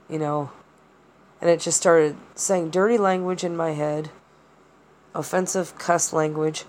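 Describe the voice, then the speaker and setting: Woman podcast host, slightly low voice, rambling and hesitant delivery full of fillers. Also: steady tone, takes it slowly, a little mellow. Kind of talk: personal monologue.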